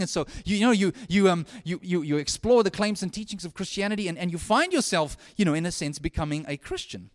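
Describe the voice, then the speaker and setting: A man preaching a sermon, earnest and conversational, often restarting his phrases and swinging from hushed lines to loud ones. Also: high voice, expressive, quick pace, hardly any pauses.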